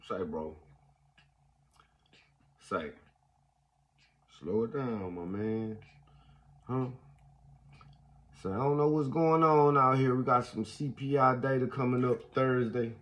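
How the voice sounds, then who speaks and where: A man's voice: mid-range voice, lively intonation, slow pace, pauses often, highs cut off. A young adult man hosting a casual podcast while caring for his baby, talking in slang and playfully scolding the baby. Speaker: podcast host.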